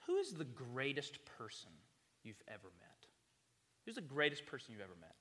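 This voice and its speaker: A man's voice: mid-range voice, huge pitch swings, moderate pace, fairly bright tone, in a large hall. A young man from South Carolina, preaching as a campus minister in a chatty, humorous storytelling manner. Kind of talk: sermon.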